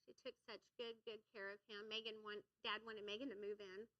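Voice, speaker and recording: A middle-aged woman pastor preaching a sermon in a church, energetic and leading the congregation in call-and-response. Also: medium pitch, fairly quick, highs cut off. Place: church sanctuary.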